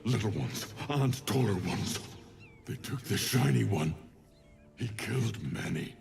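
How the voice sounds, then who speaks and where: A hulking, protective ox from a video game. The voice is very deep and gravelly, with wide swings in pitch, and it comes out slow and blunt, one short sentence at a time. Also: male voice, lively intonation, over music, heavily acted. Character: huge gruff male ox, protective guardian.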